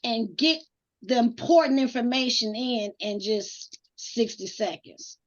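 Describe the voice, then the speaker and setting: In a laid-back group conversation, a high-voiced co-host talks in an unhurried, earnest way, frequently stopping to fix what she said and inviting honest opinions. The audio is dull lo-fi.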